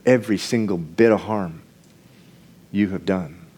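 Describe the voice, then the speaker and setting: A man preaching a sermon to a congregation, moving from hushed, slow passages to loud, excited bursts. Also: deep voice, breathy edge. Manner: animated preaching, jumps between hushed and loud. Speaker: pastor.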